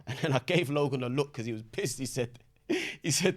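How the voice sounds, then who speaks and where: A young man telling a story in casual chat, full of slang, acting out voices with shouts and sound effects. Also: medium pitch, animated, brisk. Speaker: podcast guest.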